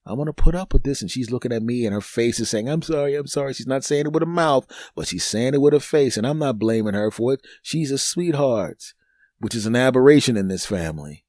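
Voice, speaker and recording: A man's voice: mid-range voice, brisk, no echo, clean studio sound. A man hosting his own podcast, telling a funny personal story and acting out the other people in it. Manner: animated, acts out other people's voices in the story. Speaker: comedian and podcast host. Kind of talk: storytelling comedy monologue.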